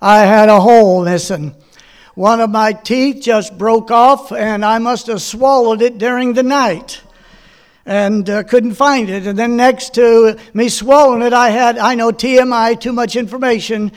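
A middle-aged man delivers a sermon in a strikingly high voice. He leans on homely personal stories and keeps asking the congregation questions to draw them in. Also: fairly even intonation, unhurried, smooth. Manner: folksy storytelling with personal anecdotes. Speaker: pastor.

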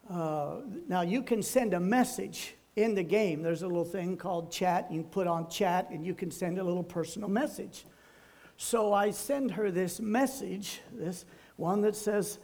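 Older guy preaching, pretty high voice for a man, chatty stories full of uhs. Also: creaky, darkish tone. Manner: homespun, rambling anecdotes with frequent "uh". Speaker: pastor. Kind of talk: folksy storytelling sermon.

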